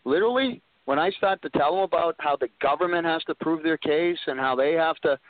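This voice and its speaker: A man's voice: a little high, a little fast, no room sound. A man who works as a lawyer, explaining his view in an earnest way during casual phone talk. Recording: tinny dry phone line.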